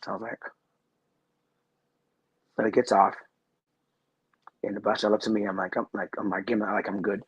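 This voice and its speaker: A man's voice: lowish voice, level tone, a little fast, long pauses, husky, no room sound, muffled recording. A man who is a guest on a talk show, telling a personal story in a rambling, earnest way and repeating his phrases.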